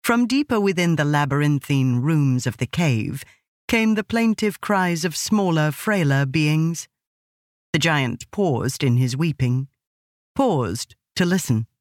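A woman narrating an audiobook in a measured, expressive storytelling manner. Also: sits low, no echo, studio quality. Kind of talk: scripted narration.

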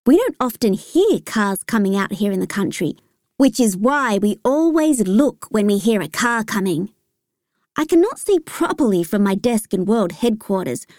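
Woman, audiobook narrator, higher voice, very animated pitch, dry close sound, expressive storytelling. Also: no echo. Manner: expressive storytelling, first-person child narrator. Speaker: audiobook reader.

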